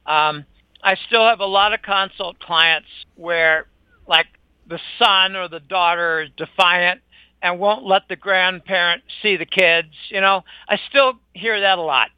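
A man's voice: high-pitched, a little slow, clean tone, dry recording. An older man speaking as an interview guest in an emphatic, indignant, scornful conversational monologue. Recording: dull lo-fi dry recording.

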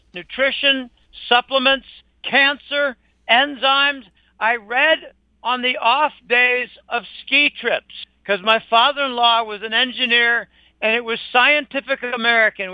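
This older male interviewee has an extremely high pitch, and his scornful, indignant monologue comes across as emphatic and conversational. The dull lo-fi recording is dry, with no echo.

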